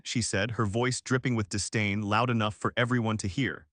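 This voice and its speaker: A man's voice: lowish voice, fairly even intonation, normal speed, few pauses, a bit bright, dry recording, clean studio sound. Earnest man narrating a drama story. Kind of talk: scripted first-person narration.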